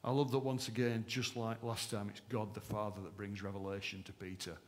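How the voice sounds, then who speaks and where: A man preaching a sermon at a church service, impassioned and emphatic, swinging between raised fervent lines and hushed ones. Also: fairly low pitch, flat delivery, brisk. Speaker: pastor.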